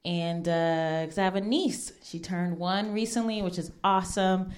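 A woman's voice: on the low side, steady tone, normal speed, clean tone. A woman in her thirties from Ohio, performing a stand-up comedy set on stage before a live audience, laid-back and wry with many fillers. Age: 30s.

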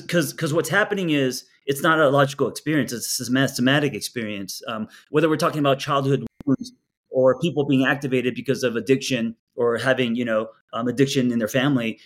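Guy coaching a couple in a session, earnest, gets animated, repeats his words a lot. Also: mid-range voice. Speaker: relationship coach.

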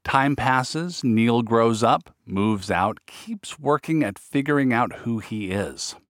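A man with a Midwestern American accent who asks calm, curious interview questions and narrates between them. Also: medium pitch, takes it slowly, no room sound, studio quality.

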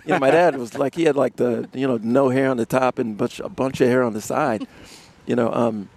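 A man, a musician guest in a live radio interview, telling animated stories and laughing often. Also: medium pitch, fairly quick. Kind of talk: casual storytelling interview. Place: outdoors in front of a music studio complex.

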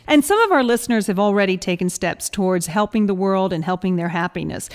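A woman from the American South co-hosting a podcast, bubbly and quick, laughing often. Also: medium pitch, lively intonation. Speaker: podcast co-host. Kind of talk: casual podcast chat.

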